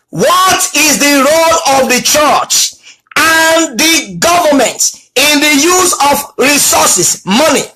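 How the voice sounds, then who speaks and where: A man's voice: very high voice, bright, forceful tone, slight background noise, rough recording. A middle-aged man preaching a sermon, telling stories and repeating key phrases for emphasis. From Nigeria. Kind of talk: sermon with storytelling.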